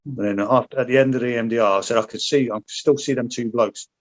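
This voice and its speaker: A man's voice: medium pitch, fairly even intonation, fast, muffled recording. A man, a former paratrooper, chatting frankly as a podcast guest, rambling and swearing freely. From Britain. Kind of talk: casual interview chat.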